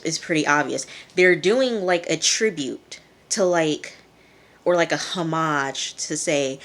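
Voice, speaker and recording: Chatty woman vlogging a TV review. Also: low voice. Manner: chatty, acts out characters' lines in a raised voice. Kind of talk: casual TV review vlog.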